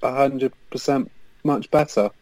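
A man's voice: mid-range voice, measured pace, a little mellow, dry recording, poor audio. Man, eager football talk, dry sound. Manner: eager, detailed match analysis. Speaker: co-host. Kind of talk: casual football podcast chat.

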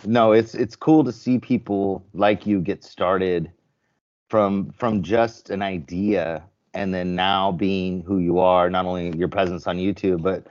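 A man's voice: deep voice, steady tone, a little slow, a little mellow. A man, a vending business owner, chatting casually as an interview guest and telling stories full of "you know" and restarts. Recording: dull lo-fi audio.

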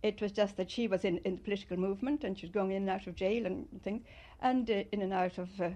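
An older woman from Ireland, fondly recalling her childhood in an interview and telling it in an animated way. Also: mid-range voice, quick pace. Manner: fond, animated storytelling with loud mimicry. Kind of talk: reminiscing interview.

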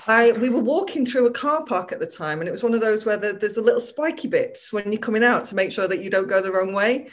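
A woman's voice: medium pitch, fast talker, hardly any pauses. A woman from northern England, a comedian guest on a podcast, telling a rambling, self-mocking anecdote in casual chat.

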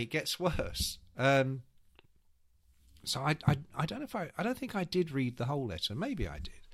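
Male co-host, lively animated storyteller, swings pitch high and low. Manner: animated storyteller, acts out quotes. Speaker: podcast co-host. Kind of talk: casual storytelling chat.

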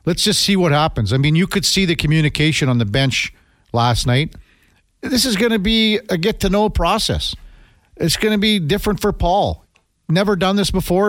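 A man's voice: mid-range voice, no room sound, studio quality. A man hosting a casual morning radio show, rambling and chatty with lots of fillers.

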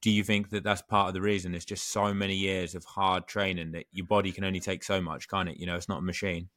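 A man's voice: deep voice, little pitch movement, fast, a bit bright, dry recording. A young man co-hosting a casual podcast, firing off questions and swearing casually. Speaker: podcast co-host. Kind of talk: casual chat.

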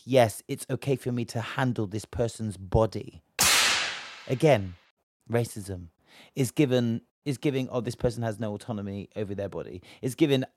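A man's voice: mid-range voice, no echo, studio quality. A young British man from Bristol giving a heated, slang-filled commentary rant, indignant and emphatic. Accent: British English. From Bristol, England.

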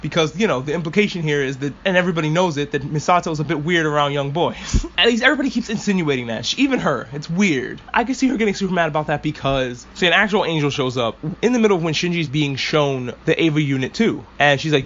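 A man's voice: fairly high pitch, lively intonation, fast talker, few pauses, fairly bright tone, highs cut off. A man hosting a casual anime discussion podcast, rambling and swearing freely as an enthusiastic fan. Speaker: podcast host.

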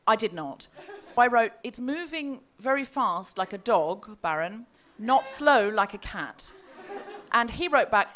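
A woman's voice: fairly high pitch, fairly bright tone, slight background noise. A woman co-hosting a live comedy podcast, telling a story with laughter and quoting messages in put-on voices. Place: live comedy festival show.

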